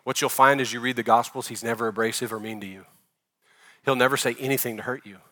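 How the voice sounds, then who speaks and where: Bright-voiced male pastor preaching. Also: medium pitch, steady tone, fast talker. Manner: conversational preaching, rising loud for emphasis then dropping soft. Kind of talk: sermon.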